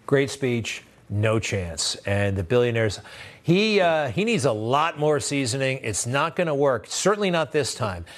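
A man's voice: medium pitch, big pitch swings, measured pace, slight background noise. A man hosting a news show, giving blunt, sarcastic political commentary in a conversational way. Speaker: host.

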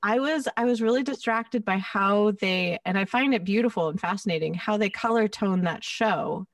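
A young woman chatting casually, animated and quick to laugh. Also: mid-range voice, no room sound, recorded from a distance. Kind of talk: casual chat.

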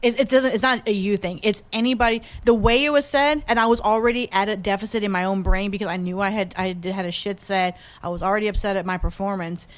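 A woman's voice: medium pitch, steady tone, fast talker, hardly any pauses. A woman comedian in casual conversation, candid and self-deprecating, swearing freely. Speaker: stand-up comedian. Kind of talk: casual podcast chat.

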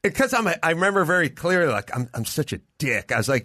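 A middle-aged man tells a story with a comedian's timing, acting out each voice as he goes. His tone is bright and forceful. The mic is close and dry, with no room sound. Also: a little high, fast talker, no echo. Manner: animated, acts out voices in his stories. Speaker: guest comedian. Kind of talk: casual storytelling chat. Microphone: studio mic over remote link.

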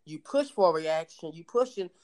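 A man's voice: on the high side, expressive, moderate pace, darkish tone. A man in a heated panel debate who halts and repeats words before pushing his point.

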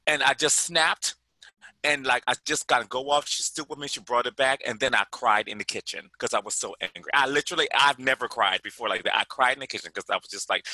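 A man in his forties telling a personal story in a chatty, animated way, full of "like" and quoted dialogue. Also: medium pitch, fast, dry recording, rough recording. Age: 40s. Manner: animated, chatty, sprinkles "like", quotes people as he tells it.

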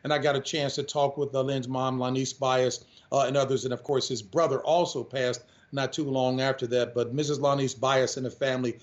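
A man telling lively stories as a guest in a radio interview, often addressing the host. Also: mid-range voice, fairly quick, few pauses, muffled recording. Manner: lively storyteller who keeps addressing the host. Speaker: sportscaster and guest.

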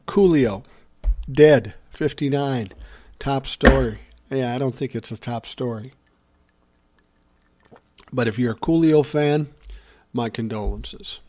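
A middle-aged man holding forth in a loose, rambling monologue and swearing as he goes. His voice sits at an ordinary pitch and is recorded close and dry, with no room sound. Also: dark tone, no echo. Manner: rambling storyteller, swears freely. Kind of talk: casual monologue.

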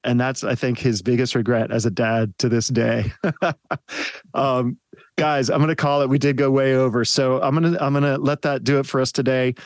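A man hosting a podcast, telling an old tour story in a loose, conversational way. His pitch sits in the middle, and he chuckles easily. The mic is close and dry, with no room sound. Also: fairly even intonation, moderate pace, dry recording. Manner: laughs often while telling stories. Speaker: podcast host. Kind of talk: casual storytelling.

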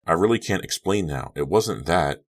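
Man voicing a guilt-ridden teenage boy, strained and anguished, very deep voice, storybook reading. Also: animated, moderate pace. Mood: weary.

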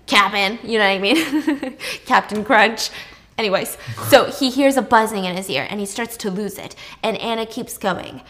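A woman casually retelling a drama's plot, chatty and lively, raising her voice when she acts out the characters' lines. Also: moderate pace. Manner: chatty, acts out dialogue with raised pitch. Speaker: drama recap narrator. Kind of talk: casual storytelling recap.

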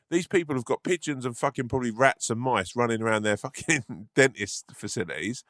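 A man's voice: mid-range voice, animated, fairly quick, hardly any pauses, fairly bright tone, no room sound, clean studio sound. A man, a podcast co-host chatting from home, jokey and sweary, laughing often. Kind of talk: casual chat. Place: at home, remote call.

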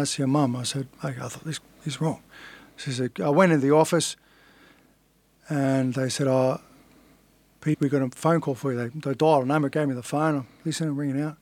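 A man's voice: a little high, darkish tone. A man in his forties, a fighter being interviewed, telling his life story in a blunt, earnest way and swearing casually. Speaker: guest, fighter.

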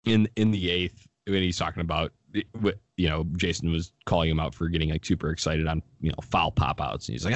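Casting: very low-voiced male host, dry close sound, lively recap, frequent laughter. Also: moderate pace, no echo. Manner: animated, laughing, quoting others in lively bursts. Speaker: sports podcast host. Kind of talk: casual sports chat.

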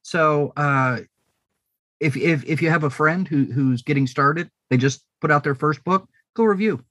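A man's voice: on the high side, a little slow, sharp tone, no echo. A man talking as a podcast guest and author, earnest and a bit hesitant, with frequent ums as he gathers his thoughts. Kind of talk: casual podcast chat.

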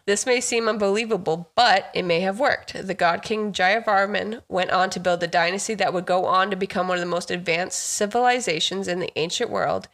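A woman's voice: medium pitch, fairly quick, few pauses, fairly bright tone. A woman co-hosting a casual podcast, chatty and enthusiastic, sometimes reading from her notes. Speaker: podcast co-host. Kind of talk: casual chat.

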